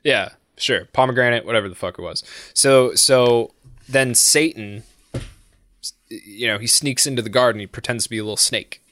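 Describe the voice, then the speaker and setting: A man's voice: mid-range voice, moderate pace, fairly bright tone, no echo. A man chatting casually on a podcast, telling stories in a rambling, profane way with lots of fillers. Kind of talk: casual chat.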